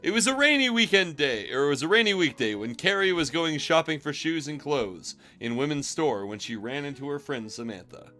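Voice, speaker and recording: A man streaming a comedic reading of fanfiction, delivering it with amused deadpan. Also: a little high, fairly quick, few pauses, faint music behind.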